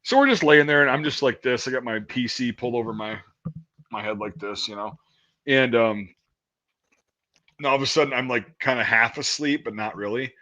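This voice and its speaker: A man's voice: medium pitch, normal speed, sharp tone. A man in his thirties telling profane, rambling army stories in casual chat. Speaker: podcast host. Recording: dull lo-fi audio.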